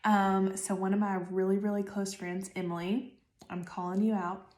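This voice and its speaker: A woman's voice: mid-range voice, little pitch movement, moderate pace, darkish tone, reverberant. A woman in her thirties hosting a podcast, giving casual, chatty advice with lots of fillers and "okay?" checks. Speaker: podcast host.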